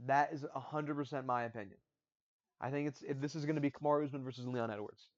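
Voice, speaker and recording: A man's voice: medium pitch, steady tone, fast. Rambling man with lo-fi audio. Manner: rambling, repeats his picks, stumbles on restarts. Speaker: MMA predictions channel host. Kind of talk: casual fight-prediction talk. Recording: dull lo-fi audio.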